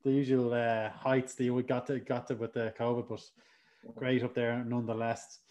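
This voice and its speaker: A man's voice: medium pitch, level tone, normal speed, darkish tone, muffled recording. A man hosting a podcast, asking questions with a teasing, jokey manner. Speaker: podcast host. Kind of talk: casual interview chat.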